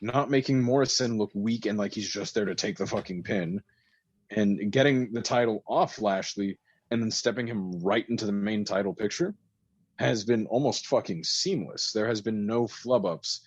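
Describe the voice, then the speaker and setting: A man co-hosting a wrestling podcast in casual chat, swearing often, getting excited and laughing a lot. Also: fairly low pitch, normal speed, breathy edge, no room sound, highs cut off. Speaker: podcast co-host.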